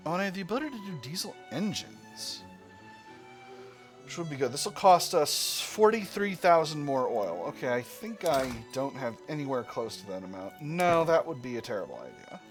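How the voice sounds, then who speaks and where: A man with a sing-song voice plays a strategy game at normal speed, musing aloud with playful asides and sudden high squeals of delight. Game music plays in the background.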